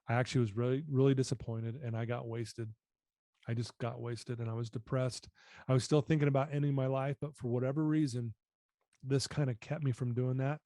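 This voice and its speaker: An earnest man recounts his personal story as a podcast guest. His tone is mellow and dark, and he often sinks to a quieter register. The sound is dry and close. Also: medium pitch, no room sound. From United States. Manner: earnest, reflective, often drops voice.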